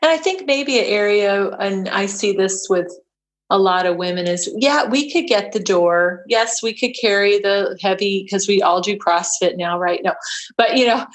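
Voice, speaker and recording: A woman's voice: medium pitch, normal speed. A middle-aged woman talking casually as a podcast guest, chatty with frequent restarts and laughter. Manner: chatty, many restarts and fillers, laughs often. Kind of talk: casual chat.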